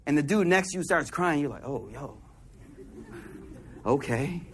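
Slangy high-voiced man preaching. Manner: slangy, animated, acts out quick low-voiced asides. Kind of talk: casual sermon.

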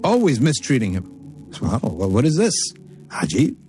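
A man giving a religious lecture, telling a story from Arabic texts and explaining it in English with animated, emphatic delivery. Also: mid-range voice, normal speed, faint music behind. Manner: emphatic, repeats phrases for stress. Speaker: Islamic teacher.

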